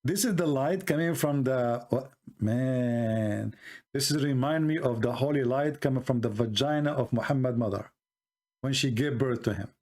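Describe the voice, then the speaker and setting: A man's voice: mid-range voice, brisk, darkish tone. Man with an Arabic accent, sarcastic. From Middle East. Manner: mocking, ironic, rambling asides. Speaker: online commentator. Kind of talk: sarcastic monologue.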